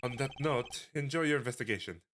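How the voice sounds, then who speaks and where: A man's voice: medium pitch, brisk, fairly bright tone, slight background noise, natural voice. Man doing a flirty rock-star prosecutor. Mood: suave. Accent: fake French. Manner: smooth, theatrical charm. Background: game music.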